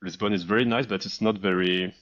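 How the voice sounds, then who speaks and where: A man's voice: fairly low pitch, steady tone, a little fast, fairly bright tone, dull audio. A French man with a French accent, a startup founder as interview guest, talking in a modest, slightly hesitant way. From France. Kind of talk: casual interview chat.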